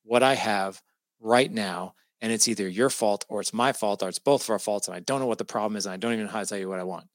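A man's voice: lowish voice, rapid-fire, hardly any pauses, no room sound. A middle-aged man telling a personal story in casual conversation, acting out the voices of the people he quotes. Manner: animated, acts out quoted dialogue. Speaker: podcast guest.

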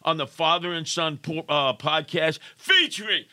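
A man's voice: on the high side, normal speed, sharp tone, dry recording, clean studio sound. A middle-aged man, hosting a casual podcast with showy broadcaster patter. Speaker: podcast host, father. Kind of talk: casual radio-style chat.

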